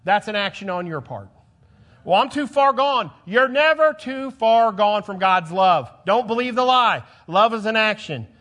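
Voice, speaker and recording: A male pastor preaching a sermon, emphatic, repeating phrases and swinging between loud and soft. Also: high voice, animated, a little slow.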